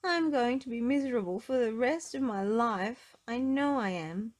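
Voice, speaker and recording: A woman's voice: high-pitched, huge pitch swings, a little fast, mellow, pitched above the performer's own voice, exaggerated voice. A woman voicing a sad little girl who has lost her giggle, speaking dolefully. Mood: mournful. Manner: doleful, mournful.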